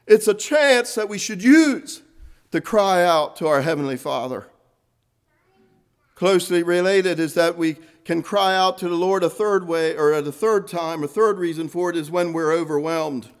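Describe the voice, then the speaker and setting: A man preaching a sermon, earnest, rising to fervent emphasis and then dropping soft. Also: high-pitched, normal speed, smooth.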